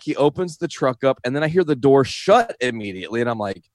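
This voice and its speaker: A man's voice: medium pitch, big pitch swings, fairly quick, no room sound, clean studio sound. A young man telling a rambling, profane story in casual chat, often breaking into laughter as he talks. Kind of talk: casual anecdote.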